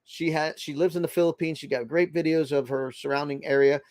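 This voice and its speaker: A man's voice: fairly high pitch, fairly even intonation, brisk, a little mellow, dry recording. A man from the Boston area with a slight Boston accent, hosting a casual live stream and greeting viewers by name, with a rambling, filler-heavy way of talking.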